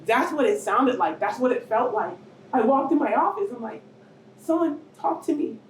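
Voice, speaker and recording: A woman's voice: a little high, expressive, normal speed. A middle-aged woman giving an emotional personal testimony as a cancer survivor at a public talk. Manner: emotional, rising to near shouts and tearful moments. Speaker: cancer survivor speaking at a panel. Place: event hall with audience. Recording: roomy hall, distant mic, faint noise.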